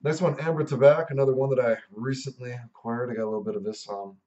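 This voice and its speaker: A man's voice: mid-range voice, fairly even intonation, fast talker, dark tone, dull audio. A man giving a laid-back, rambling spoken review of fragrances, describing them in loose detail.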